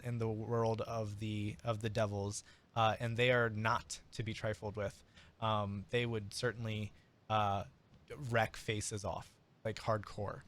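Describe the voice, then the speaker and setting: A man's voice: on the low side, fairly bright tone. A man narrating as game master of a tabletop game, rambling with fillers and sudden bursts of speed.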